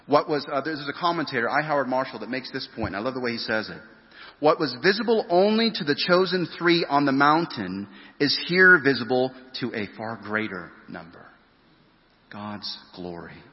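A male pastor preaching an earnest sermon, stressing key phrases and slowing down to drive points home. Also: medium pitch, lively intonation. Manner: earnest, emphatic preaching with rising stresses and slow drawn-out phrases. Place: church sanctuary. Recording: dull sound with long hall reverb.

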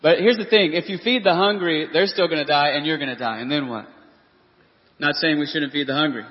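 In a church hall, a male pastor preaches a sermon in a fairly high, fairly quick voice. He is earnest, poses rhetorical questions and reads scripture aloud, and the audio is dull and lo-fi with long church reverb.

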